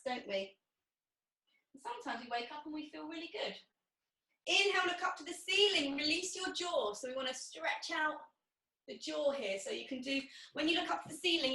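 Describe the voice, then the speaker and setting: With a high, bright voice and a brisk pace, a female instructor takes her class through pilates exercises, encouraging them and marking every breath. She sounds distant from the mic, in a room with noticeable echo.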